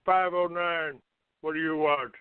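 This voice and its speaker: A man's voice: on the high side, steady tone, unhurried, clear, resonant tone, no echo. A man hosting a call-in show, hostile and profane, cursing and insulting callers. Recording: tinny phone-like audio.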